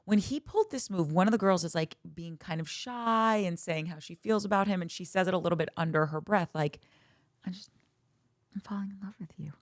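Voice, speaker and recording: A woman's voice: lowish voice, a little fast, few pauses, dry recording, studio quality. A woman in her thirties hosting a podcast in casual chat, candid, bawdy and gushing as she talks. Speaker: podcast host.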